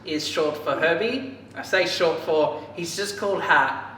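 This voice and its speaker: A man casually recapping a book for a podcast, rambling and animated, with lots of filler words. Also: a little high, unhurried. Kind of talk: casual chat. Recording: echoey room, distant mic, faint hiss.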